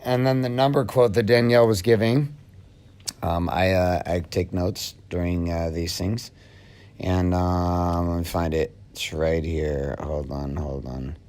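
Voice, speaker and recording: A man in his thirties speaks bluntly and frankly in a casual podcast chat, not shy of a swear word. His voice sits a little low. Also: fairly even intonation, unhurried, darkish tone. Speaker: podcast co-host, business owner.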